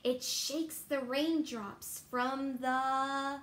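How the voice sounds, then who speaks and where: Woman teacher for a storytime read-aloud, playful and animated, in a room with noticeable echo. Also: sits high. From Texas. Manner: playful and animated, pauses for kids to guess, hushed asides. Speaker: teacher reading to children. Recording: roomy echo.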